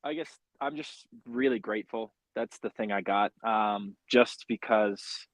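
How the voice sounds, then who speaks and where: Man, writer-director guest, lowish voice, dry close sound, thankful, halting. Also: dry recording, low-quality recording. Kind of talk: casual chat on a video call.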